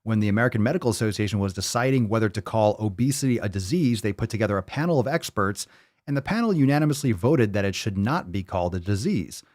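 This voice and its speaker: A man's voice: on the low side, lively intonation, fast talker, a little mellow, no echo, studio quality. A man hosting a podcast in casual chat, reading posts aloud and rebutting them in a blunt, profane, mocking way. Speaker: podcast host.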